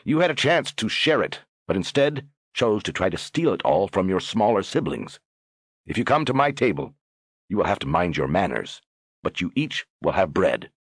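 A man's voice: deep voice, sing-song, normal speed, slightly rough, no room sound, clean studio sound, full character voice. A man voicing a stern young lord who lectures firmly. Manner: firm, lecturing.

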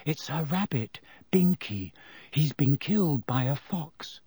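A man voicing a schoolgirl who speaks in a low, hushed whisper-like tone. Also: animated, takes it slowly, husky, no echo, studio quality, heavily acted. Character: schoolgirl comforting a friend, hushed. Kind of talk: audiobook character voice.

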